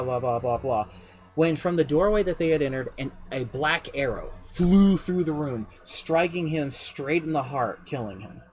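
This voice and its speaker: Male streamer narrating his campaign, animated, a bit high-pitched, soft music bed. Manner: animated, swearing, shifts pace often. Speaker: streamer and game master. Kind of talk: casual storytelling recap. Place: home streaming setup.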